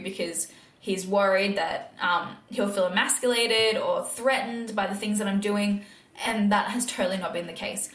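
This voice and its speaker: A woman's voice: medium pitch, normal speed, fairly bright tone, reverberant. A young adult woman hosting a faith podcast, speaking earnestly and candidly, laughing often and acting out her own past thoughts. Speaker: podcast host. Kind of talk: faith-based podcast monologue.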